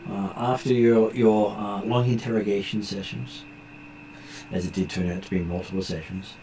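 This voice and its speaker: A man narrating as game master of a tabletop game, pausing often on fillers as he describes the scene. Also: fairly low pitch, level tone, warm tone. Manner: halting, many filler pauses. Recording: echoey room with faint noise.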